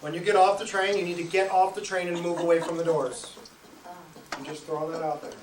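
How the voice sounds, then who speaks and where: A man from Nebraska telling a comic travel story at a live show, animated and acting out his own shouting in quoted bits. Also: fairly high pitch, a little fast. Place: live show venue with audience. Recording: echoey room, mic at a distance, noisy.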